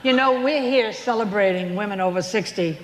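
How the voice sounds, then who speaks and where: A woman's voice: medium pitch, brisk, a little hiss or hum. Older woman comic in an echoey hall. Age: 70s. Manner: chatty storytelling with voiced punchlines. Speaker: stand-up comedian. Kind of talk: stand-up routine in a casino showroom. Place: casino showroom stage. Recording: echoey hall with faint ambience.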